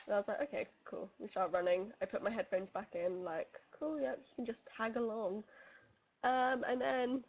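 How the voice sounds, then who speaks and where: A young woman telling friends a funny story in casual chat, animated and laughing, acting out voices as she goes. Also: fairly high pitch, normal speed, muffled recording. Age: young adult.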